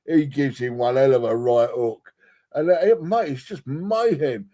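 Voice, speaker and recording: A man, chatting about football with mates on a podcast. He tells stories in an animated, sweary way, at an ordinary middle pitch. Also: unhurried. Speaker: podcast co-host. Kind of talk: casual chat.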